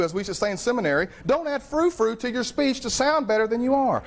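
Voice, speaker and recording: A man preaching a sermon as pastor, conversational and animated, telling stories with humor. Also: sits high, brisk, hardly any pauses.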